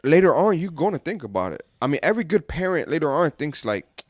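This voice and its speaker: A man's voice: fairly high pitch, big pitch swings, fast, no echo, clean studio sound. A young man co-hosting a podcast in casual chat, rambling and repeating himself. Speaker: podcast co-host.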